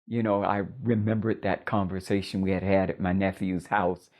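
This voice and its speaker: An older woman recounting a personal story in a measured, reflective way. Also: rumbling low, steady tone, a little mellow.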